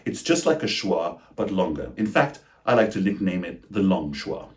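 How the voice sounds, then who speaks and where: A man teaching English pronunciation in a scripted lesson, slowly and deliberately sounding out each example word. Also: low-pitched, very animated. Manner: slow, deliberate, over-articulated example words.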